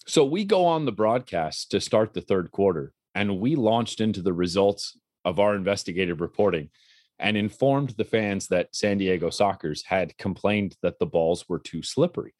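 A man's voice: on the low side, expressive, normal speed, darkish tone, no echo, studio quality. A man co-hosting a casual talk show, telling a story with animation and acting out the quotes. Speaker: podcast co-host and color commentator.

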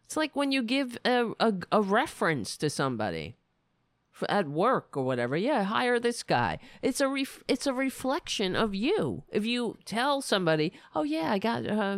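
A woman's voice: lowish voice, no room sound, clean studio sound. A woman from New York hosting a casual podcast, rambling and ranting with profanity and indignation. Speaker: podcast host.

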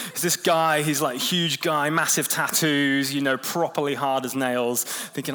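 A man preaching a sermon in a relaxed, conversational way, telling stories and quickening and slowing his pace. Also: mid-range voice. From England. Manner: conversational preaching with storytelling, lively shifts in pace. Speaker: pastor.

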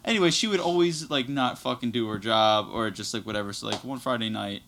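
A man's voice: medium pitch, a little fast, gravelly, a bit bright, a little hiss or hum. A young man telling a long, rambling story in casual podcast chat, swearing constantly.

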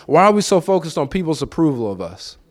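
A man's voice: on the high side, sing-song, fast. A man preaching a conversational sermon, telling stories and acting out the dialogue, often repeating key phrases for emphasis. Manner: storytelling, acting out his own and others' dialogue.

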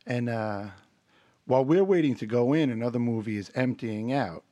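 A man chatting casually as a guest, who often clears his throat and swears. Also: medium pitch, normal speed, warm tone, no room sound. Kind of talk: casual chat.

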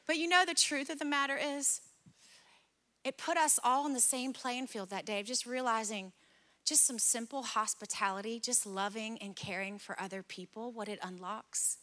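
A middle-aged woman pastor preaching a sermon, telling a personal story with lively, acted-out dialogue. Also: on the high side, moderate pace. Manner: animated, acts out dialogue in stories. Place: church service.

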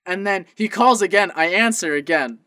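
A young man co-hosting a casual podcast, telling a story in an animated way, swearing and laughing often. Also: sits high, normal speed, no echo. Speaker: podcast co-host.

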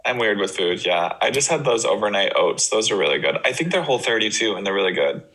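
A man's voice: lowish voice, big pitch swings, quick pace, fairly bright tone, rough recording. A man co-hosting a podcast in casual chat, wired on coffee, joking around, swearing and goofing off. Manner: jokey, hyper, goofing with silly voices and swearing. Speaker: podcast co-host.

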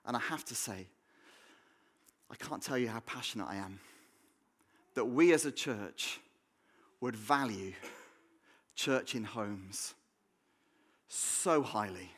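A man's voice: on the low side, takes it slowly, long pauses, fairly bright tone. A man with an English accent preaching a sermon in a church, conversational and jokey, often restarting with repeated words. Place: church hall.

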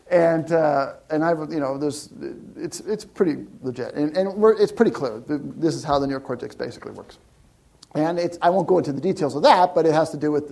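A middle-aged man giving a casual talk to an audience, animated, often restarting and repeating words. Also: fairly high pitch, gravelly. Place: lecture room with audience.

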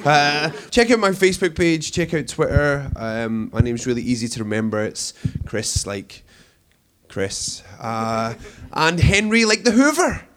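A man's voice: sing-song, normal speed, a bit bright. A young Scottish man doing a cheeky stand-up routine on a comedy club stage. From Scotland. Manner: cheeky, punchy delivery with shrill put-on women's voices.

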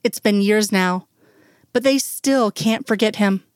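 A woman reading fan fiction aloud in a slow, soft, emotional way. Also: mid-range voice, dry recording, clean studio sound. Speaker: reader.

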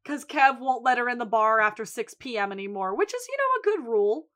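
A woman's voice: on the high side, fairly quick. A woman co-hosting a podcast, casually recapping a TV episode and acting out the characters' lines with plenty of swearing. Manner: animated retelling with quoted lines and swearing. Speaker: podcast co-host.

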